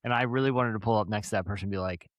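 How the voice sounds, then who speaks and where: A man on a podcast telling a story in a casual, deadpan way. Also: fairly low pitch, very fast, no room sound. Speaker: podcast co-host.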